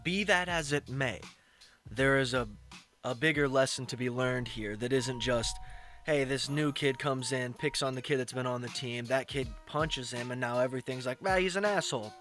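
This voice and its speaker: A man's voice: mid-range voice, flat delivery, moderate pace, fairly bright tone, faint music behind. A man giving casual, blunt commentary on a clip, lecturing and swearing now and then. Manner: lecturing, blunt, profane asides.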